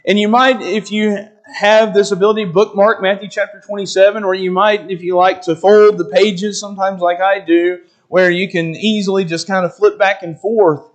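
A man preaching an expository sermon in a measured, deliberate teaching manner, reading scripture aloud. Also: high-pitched, flat delivery.

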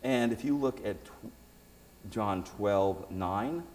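A man reads scripture aloud in a low, mellow voice, breaking off now and then for casual remarks. His voice rings with a long reverb, as if in a large space. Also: slow pace, slight background noise. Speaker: Bible teacher. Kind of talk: reading scripture with commentary.

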